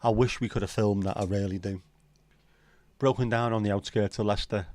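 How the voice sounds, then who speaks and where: A man's voice: fairly low pitch, steady tone, brisk, a little mellow, no echo. A man hosting a casual livestream, rambling and joking with viewers and swearing casually. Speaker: livestream host. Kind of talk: casual chat reading viewer comments.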